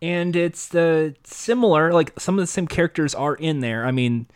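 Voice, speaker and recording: A man chatting casually about a TV show with friends, animated and quick to laugh. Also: on the high side, clear, resonant tone. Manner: animated, laughs often, does mock voices. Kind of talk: casual chat reviewing a TV show.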